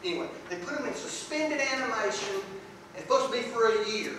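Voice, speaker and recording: High-voiced preacher in an echoey room. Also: male voice, animated, fairly quick, pushed and bright, distant mic, a little hiss or hum. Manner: folksy, emphatic, repeats words for stress. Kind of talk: sermon.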